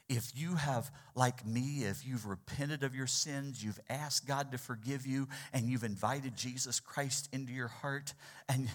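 A pastor with a mid-range male voice preaches a sermon, calling on the congregation to respond. He swings between loud, urgent lines and hushed ones.

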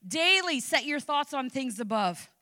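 Middle-aged woman preacher, high bright voice, animated and personal, podcast sermon. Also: measured pace, no echo. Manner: animated preaching with personal anecdotes, rising to impassioned exhortation.

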